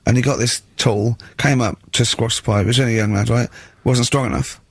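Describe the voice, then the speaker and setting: A man's voice: mid-range voice, steady tone, fairly quick, gravelly, no echo. A man co-hosting a radio show, telling wry anecdotes in casual banter. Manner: wry anecdotes, quoting people in voices. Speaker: radio co-host.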